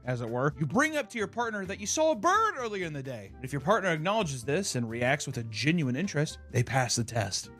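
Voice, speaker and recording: Animated sarcastic man over music. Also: on the high side, fairly quick, hardly any pauses. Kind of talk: podcast banter.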